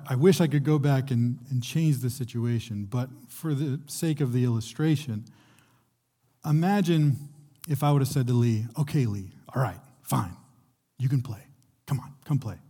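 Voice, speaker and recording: A young man gives a sermon with a mellow, somewhat husky voice. He preaches conversationally, often restarting his phrases as he builds a point. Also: medium pitch. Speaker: pastor.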